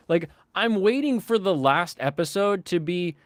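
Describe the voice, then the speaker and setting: A man hosting a casual podcast chat, ranting in an animated, sardonic way and slipping into mocking voices. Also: sits high, a little slow, hardly any pauses, no room sound. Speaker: host.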